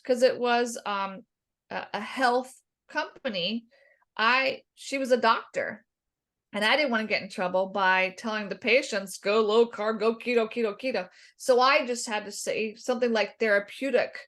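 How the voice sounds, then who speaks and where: Animated middle-aged woman telling her story. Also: fairly high pitch. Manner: animated, self-deprecating, acts out quotes. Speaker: guest dietitian. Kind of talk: podcast interview storytelling.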